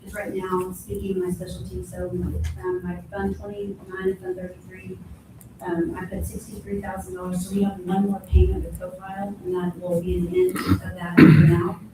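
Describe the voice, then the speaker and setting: A woman's voice: fairly low pitch, flat delivery, moderate pace, background noise. Woman in an echoey meeting room. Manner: plainspoken, matter-of-fact, self-correcting. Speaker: county clerk. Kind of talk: budget presentation at a public meeting. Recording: very echoey room from a distant mic.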